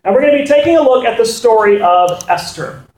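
A man's voice: very high voice, lively intonation, brisk, darkish tone, echoey room, low-quality recording. A man in his thirties preaching a sermon to his congregation, playful and full of joking asides. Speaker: pastor. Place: church hall.

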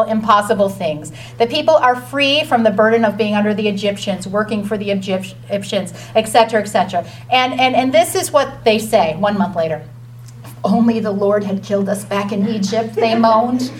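Upbeat woman leading a children's Bible lesson; chatty, bright-pitched, recorded from across the room. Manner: enthusiastic, chatty, reads scripture aloud. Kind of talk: lively Bible lesson for kids. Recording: distant mic with faint noise.

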